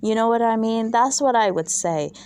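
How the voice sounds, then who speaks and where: A woman's voice: a little high, normal speed, a little mellow, clean tone. A woman vlogging a casual, opinionated recap of a reality show, chatty and exasperated, full of fillers and asides.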